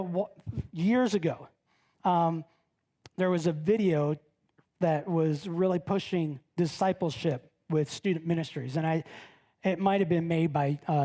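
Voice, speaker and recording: A middle-aged woman pastor delivering a conversational sermon, telling stories with frequent tag questions and acting out the voices of the people in them. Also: warm tone. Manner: chatty storytelling, frequent "right?" tag questions; acts out quoted voices with big pitch jumps. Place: church sanctuary.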